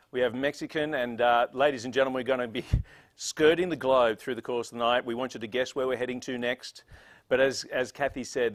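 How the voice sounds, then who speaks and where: A man's voice: medium pitch, a bit bright. An Australian man emceeing a gala with playful, jokey showman banter.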